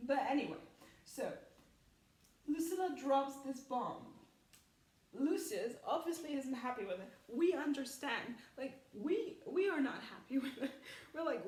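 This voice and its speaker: A woman's voice: high voice, sing-song, measured pace, a little mellow, far from the mic. A woman in casual spoken commentary who rambles with lots of fillers and laughs often. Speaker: film commentary vlogger. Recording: echoey room, voice off-mic.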